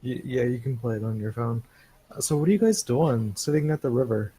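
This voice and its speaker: A man running a tabletop role-playing game as game master, in a casual, deadpan way. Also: mid-range voice, fairly quick, slightly rough.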